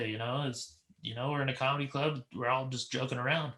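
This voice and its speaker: A man hosting a podcast, telling an animated story and acting out the people in it. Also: medium pitch, fast talker. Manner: animated storyteller, acts out voices, laughs a lot. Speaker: podcast host. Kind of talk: casual chat, storytelling.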